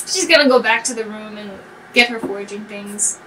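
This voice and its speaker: A woman playing a tabletop game, chatty and excitable, trailing off with fillers as she thinks. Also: medium pitch, brisk, far from the mic, a little hiss or hum, low-quality recording. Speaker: player. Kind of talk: casual tabletop play.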